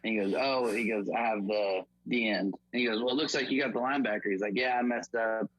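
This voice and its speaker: A man's voice: fast, slightly rough, dry recording, lo-fi sound. A young man casually telling football stories and acting out his old coach's lines. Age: young adult. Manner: animated, acts out coach's lines in a high voice. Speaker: podcast guest, former football walk-on. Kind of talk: casual storytelling.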